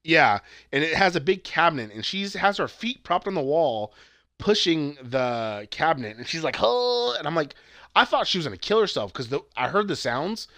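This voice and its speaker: A man's voice: on the high side, animated, normal speed, pushed and bright, dry recording. A young man casually retelling a movie plot, acting out the characters' lines and swearing freely. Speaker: podcast co-host. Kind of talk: casual movie review chat.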